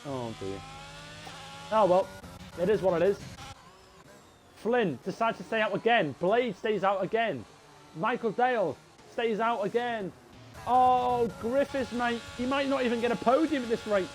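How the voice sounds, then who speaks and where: A young man giving live sim racing commentary, chatty and excitable, talking to his viewers as lads. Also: sits high, a little slow, faint music behind, poor audio. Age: young adult. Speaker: race commentator.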